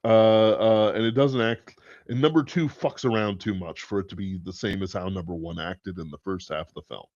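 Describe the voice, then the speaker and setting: Speaking at a moderate pace with fairly even intonation, this man hosts a podcast full of casual, meandering thoughts and the odd curse word. His pitch is fairly low and a bit mellow, captured on a dull, dry lo-fi recording.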